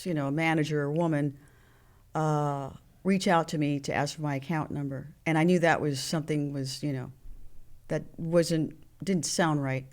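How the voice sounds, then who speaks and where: Her voice is deep and her speed normal as this sixty-something woman of Mexican heritage opens up in an interview. Recounting personal episodes candidly, she lively performs each phone call, voicing the people on the line.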